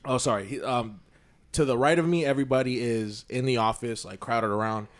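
A man co-hosting a casual podcast chat, telling a story with lively acted-out quotes and a lot of "you feel me.". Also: mid-range voice, fairly quick. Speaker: podcast co-host.

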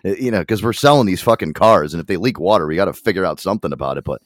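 A man co-hosting a radio show, telling a story in a casual, profane, animated way with frequent laughs. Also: low voice, rapid-fire, no echo, studio quality. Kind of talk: casual chat.

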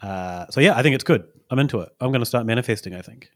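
A man's voice: mid-range voice, animated, fast, dry recording, studio quality. A man, co-hosting a casual podcast chat and telling a rambling story with many fillers. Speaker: podcast co-host.

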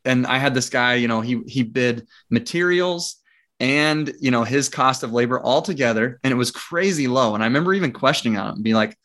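A man, a guest in a casual interview, telling a story in a lively way, acting out the dialogue and laughing often. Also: mid-range voice, brisk. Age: adult with young children. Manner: frequent fillers and restarts. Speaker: interview guest, property investor.

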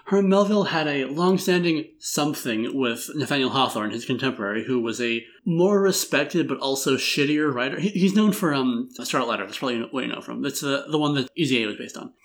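A man's voice: mid-range voice, expressive, brisk, few pauses. A man hosting a casual film review chat, wry and rambling, laughing through his jokes. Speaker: podcast host.

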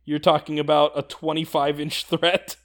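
A man's voice: a little high, flat delivery, moderate pace, a bit bright. A man co-hosting a podcast, casually and enthusiastically breaking down tabletop game rules, laughing often. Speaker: podcast co-host.

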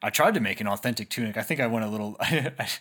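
A man's voice: fairly low pitch, animated, very fast, a bit bright, breathy edge. Easygoing man co-hosting a podcast. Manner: easygoing, with frequent fillers and laughs. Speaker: podcast co-host. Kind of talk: casual chat.

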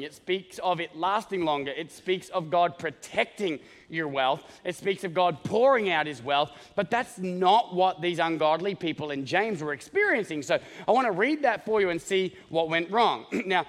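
A man preaching a sermon as pastor, joking and animated, often checking in with the congregation with "okay?". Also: sits high, normal speed, hardly any pauses, in a large hall. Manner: joking, animated, talks straight to the congregation with many "okay?" asides.

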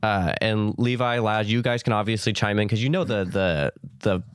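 A man hosting a casual podcast, setting up role-play bits in a rambling, halting way. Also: lowish voice, clean tone, dry recording, clean studio sound. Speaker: podcast host. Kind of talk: casual chat, leading role-play segment.

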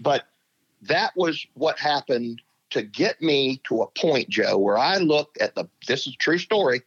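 Animated middle-aged man telling stories. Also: medium pitch, a little slow, slightly rough. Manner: animated, laughs through his stories. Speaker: guest, former pro angler. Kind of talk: conversational storytelling in an interview. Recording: dull lo-fi sound.

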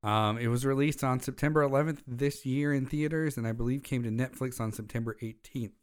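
Young guy on a movie podcast, regular pitch, reads the synopsis then riffs and swears. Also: fairly quick, clear, resonant tone. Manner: reads plot summaries and credits, then jokes and swears casually. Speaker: podcast co-host. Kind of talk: casual movie review chat.

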